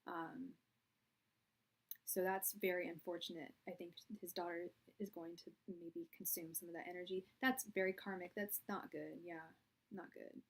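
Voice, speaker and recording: A woman's voice: lowish voice, level tone, moderate pace. A young woman doing a live-stream tarot reading, chatty and blunt, talking straight to her viewers. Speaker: tarot reader.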